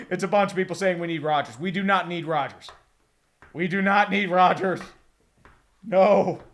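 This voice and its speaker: High-voiced man ranting about football. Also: fairly bright tone. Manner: rambling, melodramatic fan despair. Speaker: sports streamer. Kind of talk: casual livestream chat.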